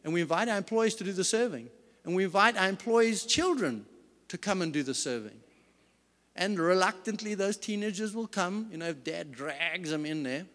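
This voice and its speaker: Earnest high-voiced man in a hall. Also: expressive, normal speed, fairly bright tone. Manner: earnest, emphatic storyteller. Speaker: company CEO speaker. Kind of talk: faith-based business talk. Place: large event hall. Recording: reverberant hall sound.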